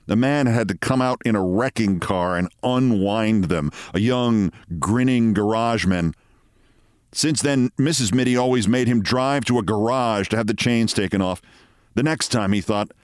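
Low-voiced man reading a story. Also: clear, resonant tone, no room sound, clean studio sound.

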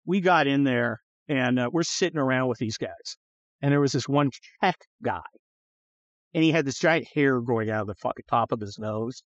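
A middle-aged man hosting a podcast, telling stories in a profane, animated way and acting out the people he quotes. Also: mid-range voice, moderate pace, dry recording. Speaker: podcast host. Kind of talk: casual storytelling chat. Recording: slightly dull, dry studio sound.

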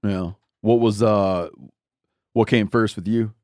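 A man's voice: on the low side, fairly even intonation, slow pace, a little mellow, no echo. A man hosting a podcast in casual chat, rambling and often restarting his sentences. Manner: rambling, self-interrupting storyteller. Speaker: podcast host. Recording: dry close studio mic.

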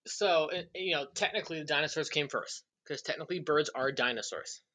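A man's voice: fairly high pitch, a little fast, sharp tone. A young man in casual chat, explaining things with eager enthusiasm. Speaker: podcast guest.

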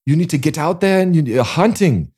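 A man mimics a blunt South African buddy, the accent plainly off. The voice jumps up high and punches out short, urging commands. Gravelly energy, far higher than the speaker's usual deep tone. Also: animated, brisk, a little mellow. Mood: exhorting. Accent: South African, done badly. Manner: exhorting, punchy. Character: blunt South African male friend giving a pep talk.

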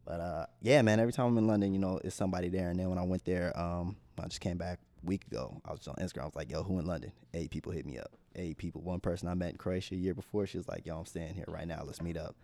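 An American man telling travel stories in a relaxed, slangy casual chat. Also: low voice, rapid-fire, vocal fry, few pauses, no room sound. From United States.

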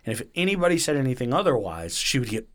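A man's voice: medium pitch, quick pace. A man hosting a podcast, casually retelling a story with swearing and acted-out quotes. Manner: animated retelling, swearing, acting out quotes in varied voices. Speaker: podcast host.

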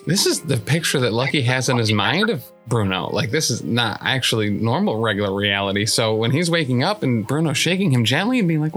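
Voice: medium pitch, animated, brisk, few pauses, fairly bright tone, faint music behind. A player in a casual tabletop game, teasing the others and laughing often. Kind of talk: casual tabletop role-play banter.

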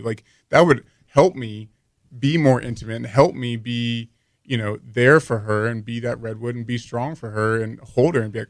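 A husband talking openly and heartfelt on a podcast, rambling with many fillers. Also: male voice, medium pitch, normal speed, no room sound, clean studio sound. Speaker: guest, husband. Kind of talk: casual podcast conversation.

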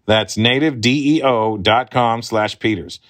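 Male host, mid-pitch, ad read, upbeat and steady. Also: unhurried. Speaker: podcast host reading an ad.

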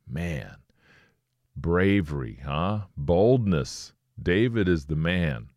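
A man preaching a sermon, reading scripture and slowing to stress his points. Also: low-pitched, expressive, darkish tone, dry recording, clean studio sound.

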